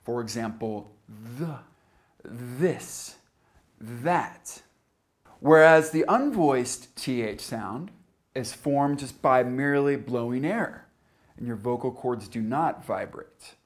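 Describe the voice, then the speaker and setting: A young man teaching English pronunciation in a scripted lesson, enunciating slowly and carefully. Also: mid-range voice, expressive.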